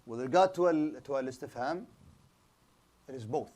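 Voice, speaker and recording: This man lectures to a class in a halting, repetitive way, often restarting his sentences. He drops Arabic terms into his English explanation, and his voice sits at an ordinary middle pitch for a man. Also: darkish tone. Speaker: Islamic studies teacher. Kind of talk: classroom lecture with student questions.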